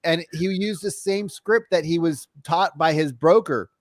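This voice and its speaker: A man coaching on sales in casual podcast chat, animated and slangy, acting out calls in quick voices. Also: on the high side, dry recording, clean studio sound. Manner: slangy, says bro and dude.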